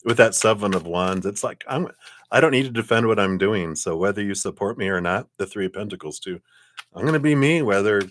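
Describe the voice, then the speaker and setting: A man giving a live-streamed tarot reading, reflective and unhurried, with many "you know"s and soft laughs. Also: fairly low pitch, no echo, studio quality. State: sucking a cough drop, clearing throat. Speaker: tarot card reader.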